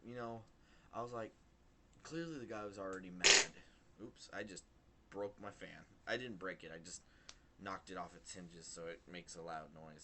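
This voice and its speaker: A young man vlogging, retelling a work story in a rambling, animated way with lots of fillers. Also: sits low, slight background noise. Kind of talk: casual storytelling to camera.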